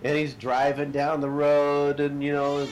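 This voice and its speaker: Animated man telling a story. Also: a little high, measured pace, noisy background. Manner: animated storyteller, shouts quoted lines, laughs at own stories. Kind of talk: casual anecdote telling.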